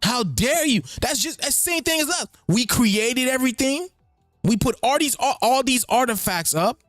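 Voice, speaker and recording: A man hosting a show, talking in an animated, rambling way and repeating his phrases. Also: very high-pitched, moderate pace, no room sound, studio quality, soft background music. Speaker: host. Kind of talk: freewheeling spoken commentary.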